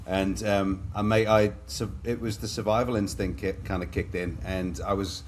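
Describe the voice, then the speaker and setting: Speaking in a low, deep voice with a steady tone and normal speed, a middle-aged Liverpudlian with an English accent tells his own stories candidly as a guest in a podcast interview. He's chatty and anecdotal, often calling the host "mate," and a faint hiss lies beneath the recording.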